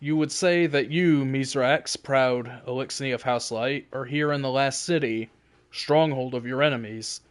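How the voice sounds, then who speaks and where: A man reading aloud and voicing a weary, brooding male warrior hero who talks in a flat, heavy, grave way. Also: mid-range voice, unhurried, lightly acted. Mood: wry.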